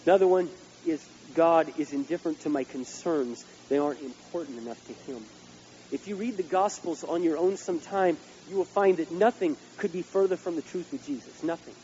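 A male pastor preaching a sermon, swinging between loud outbursts and hushed asides. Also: fairly high pitch, a little fast, muffled recording, slight background noise.

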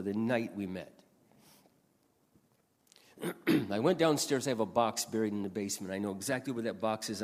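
Emphatic man preaching in a hall. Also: fairly low pitch. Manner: earnest, emphatic, repeats lines for stress. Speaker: pastor. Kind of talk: sermon. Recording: long hall reverb.

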